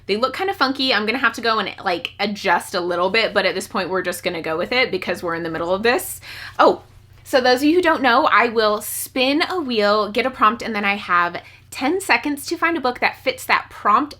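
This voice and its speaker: A young woman chatting excitedly as a book vlogger, bubbly and talkative, now and then squealing with delight. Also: a little high. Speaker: book YouTuber. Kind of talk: casual vlog chat.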